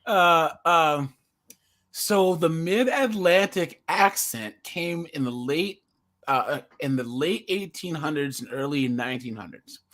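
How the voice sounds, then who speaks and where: Rambling Californian man, bright voice. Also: on the high side. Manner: rambling, many restarts and repeated words. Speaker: podcast co-host. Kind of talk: casual chat.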